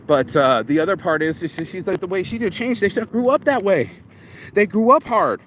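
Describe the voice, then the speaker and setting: A man vlogging a casual, rambling monologue, reflective and often profane as he thinks out loud. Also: high voice, animated, a little fast, slight background noise.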